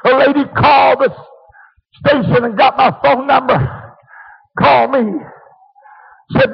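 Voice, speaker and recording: High, gravelly shouting preacher man. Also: fairly even intonation, a little slow, long pauses. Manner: shouts phrases, breaks into hallelujahs. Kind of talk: fervent sermon. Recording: dull lo-fi recording.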